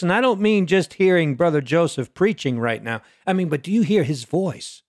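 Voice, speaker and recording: In a clean studio recording with no echo, a man preaches animatedly at normal speed. He swings between booming highs and hushed lows, repeatedly asking his audience questions.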